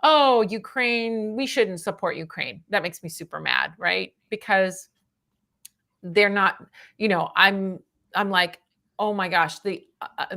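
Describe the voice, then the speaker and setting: A middle-aged woman giving a casual tarot reading on a livestream, chatty and animated, often adding "right?" and laughing. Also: medium pitch, gravelly. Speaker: tarot reader.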